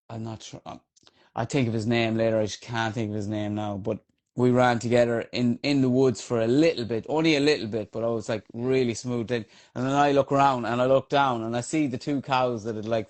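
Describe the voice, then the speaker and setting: On a podcast, a medium-pitched man with an Irish accent describes a race he ran on the trails. He tells it in an energetic, casual way, with lots of fillers and swearing.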